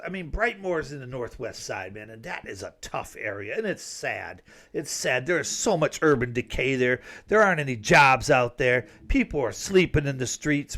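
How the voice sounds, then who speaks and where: A man's voice: on the high side, a bit bright. A man delivering a fired-up, indignant opinion monologue, often tacking on "man". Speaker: commentator.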